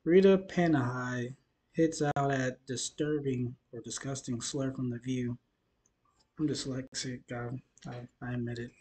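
Man, reaction video host, tired, rambling, self-deprecating, halting, casual. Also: medium pitch, steady tone, mellow, slightly rough. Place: dim room at night.

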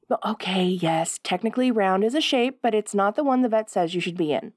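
A woman's voice: medium pitch, lively intonation, fairly quick, dry recording, studio quality. Whispered role-play: young woman, playful girlfriend, bossy and affectionate, light laughter throughout.

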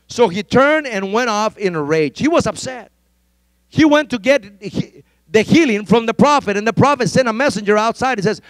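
A male pastor preaching a sermon, fervent and emphatic, repeating his exhortations and rising at times to shouted pleas. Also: very high voice, lively intonation, normal speed, dry recording.

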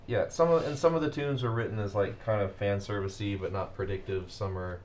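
A man's voice: fairly low pitch, a little fast, a little mellow, slight background noise. A man reviewing soundtrack music with friends, in a rambling, casual way that trails off and restarts. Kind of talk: casual group chat.

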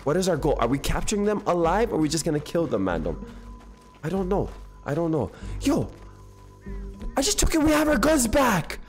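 An excitable young man talks over his game stream, firing off slangy banter at his viewers. His voice is high and very lively, and faint music plays underneath. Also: a little fast, pauses often. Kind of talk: live game streaming commentary.

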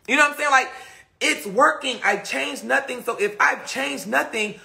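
Woman live-stream host, sharp and bright in tone, profane, emphatic, chatty with viewers. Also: high-pitched, moderate pace, creaky. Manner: rambling with many repeated fillers. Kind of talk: casual live-stream chat reading viewer comments. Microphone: phone or webcam on a live stream.

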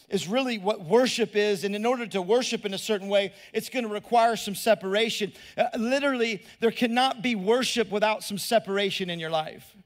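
High-voiced preaching man with a drawl. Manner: conversational, repeats words, asks the crowd questions. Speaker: pastor. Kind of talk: preaching sermon.

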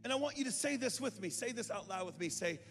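High-voiced man preaching in a reverberant church. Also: quick pace. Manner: builds from calm talk to impassioned shouting, with joking asides. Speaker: pastor. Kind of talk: sermon. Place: church sanctuary. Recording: reverberant hall with music behind.

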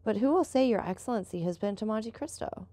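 A woman voicing a calm, seasoned male boat captain who patiently explains things. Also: medium pitch, fairly quick, dry recording, clean studio sound, voice pushed up, close to an everyday voice.

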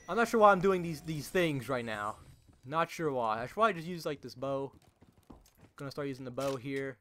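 A young man giving jumpy, excitable live commentary over his own gameplay, filling his talk with "like" and calling out to his teammates. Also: medium pitch, brisk. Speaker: gaming channel host.

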